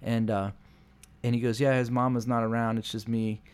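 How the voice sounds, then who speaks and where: A man's voice: mid-range voice, flat delivery, moderate pace, clean tone. A man in his forties, a pastor and podcast co-host, chatting casually and acting out quoted voices in his stories. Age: 40s. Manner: rambling storyteller, acts out quoted voices.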